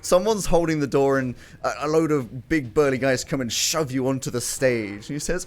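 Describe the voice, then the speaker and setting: A man's voice: mid-range voice, normal speed, few pauses. A man narrating a tabletop game as game master, playful and chuckling.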